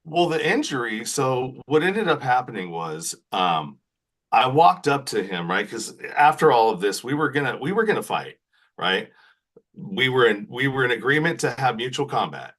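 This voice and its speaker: A man's voice: mid-range voice, normal speed. A man as a podcast guest, telling a long story in casual chat and often tagging his sentences with "right?". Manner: animated, repeats "right?" often.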